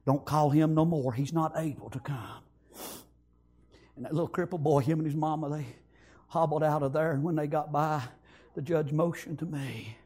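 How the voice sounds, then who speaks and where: A man preaching, telling a story in a sermon, swinging from hushed whispers to loud shouted praise. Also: fairly high pitch, fairly quick, slightly rough.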